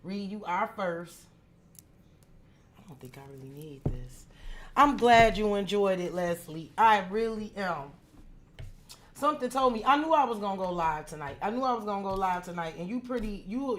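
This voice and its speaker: A woman tarot reader chatting casually on a live stream, greeting viewers by name and slipping into soft asides. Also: lowish voice, slight background noise. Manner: drops into soft asides while fiddling with setup.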